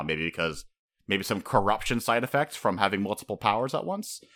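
A man co-hosting a casual chat, excitable and swearing freely, sometimes acting out characters. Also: lowish voice, brisk. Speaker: podcast co-host.

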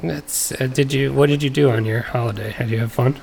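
A man's voice: mid-range voice, fairly even intonation, fairly quick, creaky, a little mellow. A young man hosting a podcast, telling a story in casual chat and laughing often. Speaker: podcast host. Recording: distant mic with faint noise and clicks.

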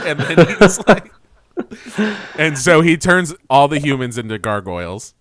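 A man's voice: medium pitch, sing-song, a little slow, fairly bright tone, no echo, studio quality. A man co-hosting a podcast, recapping a cartoon in casual chat, rambling and laughing as he quotes the characters. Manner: rambling, laughing, quoting characters in goofy voices. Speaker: podcast co-host.

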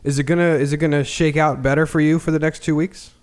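A man hosting a casual sports podcast, excitable and swearing freely as he talks. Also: a little high, fast. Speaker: podcast host.

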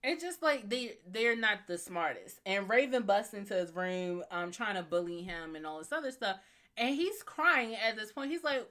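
Blunt, animated woman co-host. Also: medium pitch, moderate pace. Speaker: podcast co-host. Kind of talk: casual chat.

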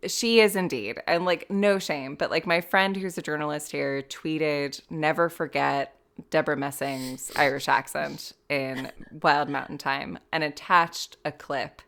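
A woman from the United States in her thirties chats casually as a podcast guest. She tells stories with a fairly low voice, laughs often and slips into little acted quotes. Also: unhurried, gravelly. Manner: animated storytelling, laughs often, acts out quotes. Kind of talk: casual chat.

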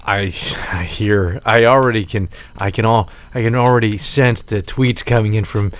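A man co-hosting a casual chat, hesitant and halting, correcting himself often. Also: lowish voice, fairly even intonation.

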